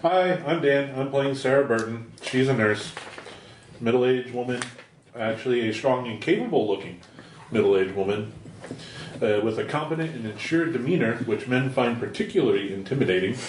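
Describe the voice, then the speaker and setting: A man's voice: mid-range voice, lively intonation, brisk, hardly any pauses, slight background noise. A man playing a tabletop game, describing his character steadily. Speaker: player. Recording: distant mic in echoey room.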